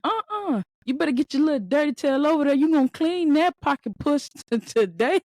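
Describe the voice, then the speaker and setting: A woman's voice: high-pitched, expressive, a little fast, no echo, voice pushed up. A woman doing an exasperated wife scolding a dog. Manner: sharp, scolding.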